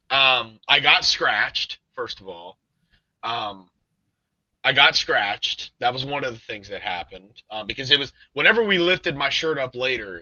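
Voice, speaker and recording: A man's voice: mid-range voice, bright, forceful tone, no echo. A man hosting a podcast, telling a ghost story in a rambling casual way with many fillers and restarts. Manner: rambling, with frequent "um" and "like" and self-restarts. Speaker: podcast host. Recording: dull lo-fi dry sound.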